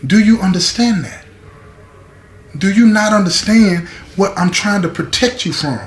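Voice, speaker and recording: A man's voice: high-pitched, unhurried, pitched above the performer's own voice. A man quoting a weary, protective mother who earnestly pleads with her daughter and repeats herself for emphasis. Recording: echoey room.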